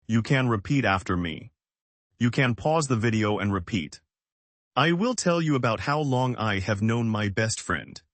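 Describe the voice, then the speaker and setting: Slow-speaking man teaching English. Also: on the low side, a bit bright, no echo. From United States. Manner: slow, simple, evenly paced sentences. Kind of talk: slow scripted lesson.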